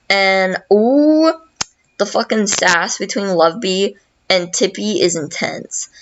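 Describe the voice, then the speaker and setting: A woman's voice: medium pitch, takes it slowly, lo-fi sound. A woman hosting a podcast, casually recapping a video game in a rambling, profane way full of fillers. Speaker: podcast host.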